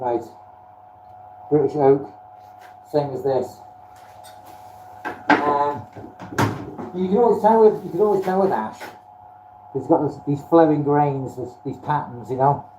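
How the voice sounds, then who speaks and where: A fairly high-voiced man chats away on a live stream, self-deprecating and friendly with his viewers. He sounds set back from the mic in a roomy, echoey workshop, with a faint hum of ambience behind him. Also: mellow, far from the mic, highs cut off. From Wales. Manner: chatty, self-deprecating, thanks viewers by name. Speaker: woodturning livestreamer. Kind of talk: casual live-stream chat while working. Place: home workshop.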